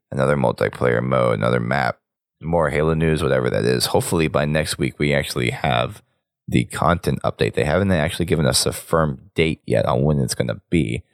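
A man hosting a casual gaming podcast with a hoarse voice he is losing, rambling through the show's sign-off and plans. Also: no room sound, studio quality. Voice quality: very deep gravelly voice. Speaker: podcast host.

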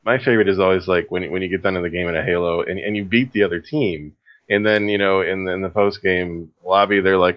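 A man's voice: deep voice, fairly even intonation, quick pace. A man in a casual gaming chat, speaking in a laid-back, wry way. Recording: dull lo-fi sound.

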